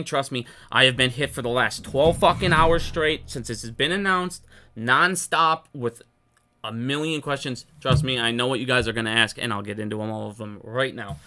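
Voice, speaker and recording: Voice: medium pitch, pushed and bright. A stock market commentator in an unscripted solo rant to viewers, frustrated, heated and swearing a lot. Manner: heated, profane, fast-talking rant.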